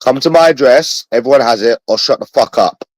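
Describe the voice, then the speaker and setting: A man with a London accent rambles through a livestream monologue to his viewers, sounding bitter, repeating himself and swearing often. His mid-range voice is brisk, and the audio is poor but has no echo.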